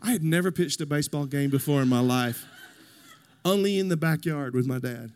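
A man's voice: a little high, brisk, a little mellow. A middle-aged man preaching a sermon, telling personal stories and acting out the voices in them, building to emphatic encouragement. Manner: storytelling, acts out quoted voices, rising to emphatic exhortation. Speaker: pastor.

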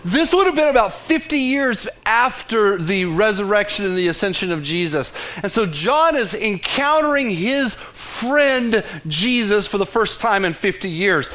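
A man's voice: high-pitched, fairly bright tone. A man preaching a sermon as pastor, earnest, with frequent restarts and sudden drops to a near whisper. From Texas.

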